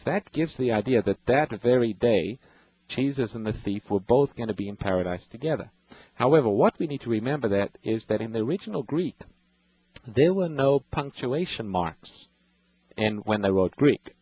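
A man's voice: medium pitch, expressive, moderate pace, a little mellow, breathy edge, low-quality recording. A man hosting a radio Bible call-in show, patiently explaining scripture and reading verses to callers.

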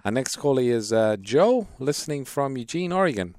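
A man co-hosting a call-in radio Bible program, adding calm, measured points and reading out the call details. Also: mid-range voice, dry recording, clean studio sound.

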